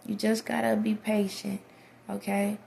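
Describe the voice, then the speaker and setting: A woman with a gravelly, dark voice gives an encouraging speech to camera on a phone, sounding like she's preaching. Her pitch stays flat and level, she keeps asking "okay?" to make sure viewers follow, and a faint hiss sits under the sound. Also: measured pace. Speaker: vlogger. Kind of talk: motivational monologue to camera. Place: someone else's house.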